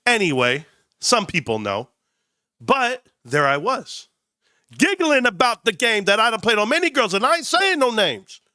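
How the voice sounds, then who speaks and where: A man hosting a live stream, talking casually while sick with a sinus cold, rambling and telling animated stories. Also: high-pitched, normal speed, no echo, clean studio sound.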